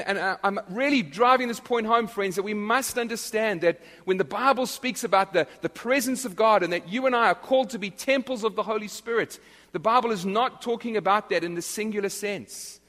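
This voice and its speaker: Preaching from the pulpit, this man speaks with a high, rather bright tone and an earnest, forceful delivery. He keeps restarting his phrases, and a big hall's lengthy reverb surrounds him.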